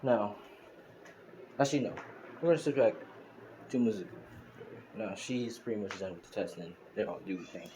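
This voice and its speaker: A man with a lowish voice casually retells a fan story, rambling and restarting his sentences as he goes. A steady hiss of noise runs behind the home recording. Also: normal speed, long pauses, rough recording. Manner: rambling, many restarts and fillers.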